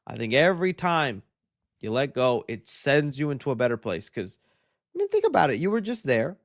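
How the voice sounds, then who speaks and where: A young man hosting a live stream, reading viewer questions out loud and answering them in a chatty, upbeat way. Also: medium pitch, wildly swooping pitch, normal speed. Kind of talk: casual live-stream chat.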